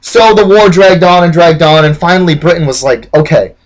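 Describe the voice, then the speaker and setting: A man's voice: fairly high pitch, fairly quick, rough recording. A man telling history as casual, profane comedy, rambling and saying "like" constantly. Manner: rambling, profane, heavy use of "like".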